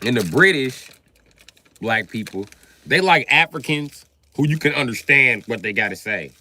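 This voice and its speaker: Guy ranting on his stream, cussing, bright voice that swings all over. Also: moderate pace. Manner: animated, profane, riffing with sudden jumps in pitch. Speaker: livestream host. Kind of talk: comedic livestream rant.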